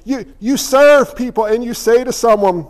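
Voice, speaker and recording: A man's voice: extremely high pitch, moderate pace. A man preaching a sermon as a pastor, conversational and joking, with lots of rhetorical questions to the congregation.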